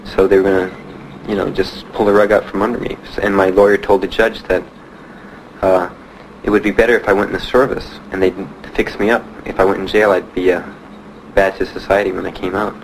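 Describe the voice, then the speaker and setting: A young man, a veteran, telling his own story in plain, halting speech with many pauses. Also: low-pitched, little pitch movement, creaky, slight background noise, poor audio. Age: young adult. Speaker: Vietnam veteran giving testimony. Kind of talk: personal testimony.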